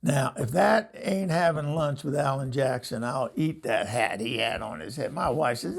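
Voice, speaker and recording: An older man with a gravelly, husky voice rambles through anecdotes, chuckling as he goes. He slips into other people's voices to act out what they said. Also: mid-range voice, moderate pace, hardly any pauses. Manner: rambling, laughs often, acts out quoted voices. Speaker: host. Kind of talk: casual storytelling monologue.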